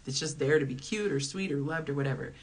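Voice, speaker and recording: A woman's voice: low-pitched, fast talker. A woman hosting a relationship advice talk, speaking casually and emphatically to her viewers, repeating key words for stress and responding to live comments. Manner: chatty and emphatic, with repeated phrases. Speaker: dating and relationship advice host.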